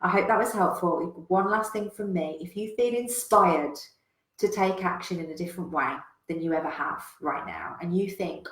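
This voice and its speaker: A woman coach talks in a lowish voice, emphatic and blunt, with casual swearing. The sound carries a noticeable roomy echo. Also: normal speed. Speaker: business coach. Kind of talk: motivational talk with a parable.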